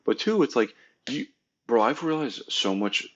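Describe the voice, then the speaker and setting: A medium-pitched man speaks at a moderate pace in a muffled recording. An army engineer veteran co-hosting a podcast, he tells army stories animatedly in casual, profane bro-speak, doing the voices of the people involved.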